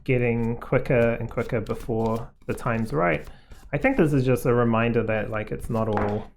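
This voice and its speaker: A man giving a casual, rambling tarot card reading to viewers, full of "like" and "um", in a gently reassuring way. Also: medium pitch, normal speed, vocal fry, slight background noise. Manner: rambling, heavy on fillers like "like" and "um".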